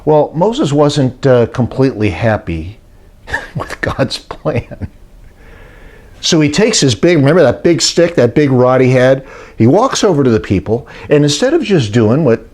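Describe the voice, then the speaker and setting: A man's voice: medium pitch, big pitch swings, a little slow, long pauses, a little mellow. An older man preaching and retelling a story, acting out the voices of those he quotes. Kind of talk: sermon-style teaching talk.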